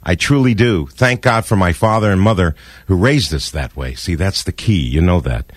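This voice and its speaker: Effusive older radio host, dry studio sound. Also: male voice, sits low, animated, normal speed, no echo. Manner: effusive, sentimental, rambling with restarts. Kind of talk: warm casual radio talk. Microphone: studio microphone.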